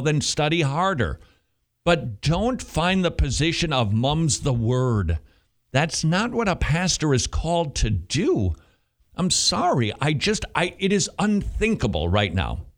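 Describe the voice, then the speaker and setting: A man's voice: medium pitch, sing-song, takes it slowly. A man speaking as a pastor to fellow pastors, feverish and emphatic, repeating phrases to drive them home.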